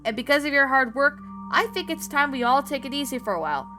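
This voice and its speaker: A woman's voice: high voice, expressive, quick pace, pushed and bright, voice pushed up. A woman voicing an upbeat male hedgehog hero who speaks cheerfully and encouragingly, with music behind her.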